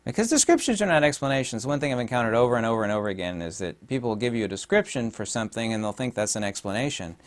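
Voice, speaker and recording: A man talking in a casual vlog monologue, rambling and halting with many fillers, turning emphatic and mocking on his points. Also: mid-range voice, lively intonation. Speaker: video host.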